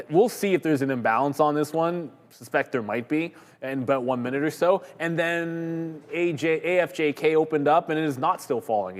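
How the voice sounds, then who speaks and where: A man's voice: medium pitch, in a large hall. A man hosting a live stock trading stream, casually explaining market rules and moves and hedging as he goes. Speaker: stock trading livestream host.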